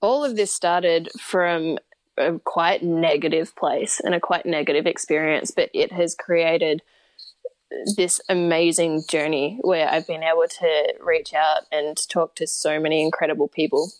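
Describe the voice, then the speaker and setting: A woman's voice: low voice, fairly even intonation, measured pace, no room sound. An upbeat, enthusiastic woman with an Australian accent, chatting casually as a podcast guest. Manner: upbeat, enthusiastic, laughs easily. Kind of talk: casual interview chat.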